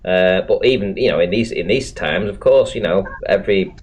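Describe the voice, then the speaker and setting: A man's voice: sits low, moderate pace, a little hiss or hum. Blunt, sweary man hosting a chat. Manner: blunt and sweary, laughs often. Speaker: live stream host. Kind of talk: casual chat.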